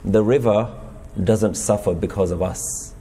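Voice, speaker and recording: A man's voice: fairly low pitch, steady tone, unhurried, mellow, long reverb tail, slight background noise. A man giving a sermon at a gurdwara, telling a parable and posing rhetorical questions to the congregation. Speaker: speaker at a Sikh gurdwara. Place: gurdwara hall.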